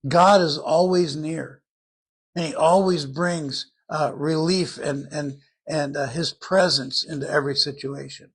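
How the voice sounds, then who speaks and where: An older man preaching a sermon in an earnest, conversational Bible-teaching manner, with a husky voice. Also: a little high, fairly even intonation, unhurried, fairly bright tone.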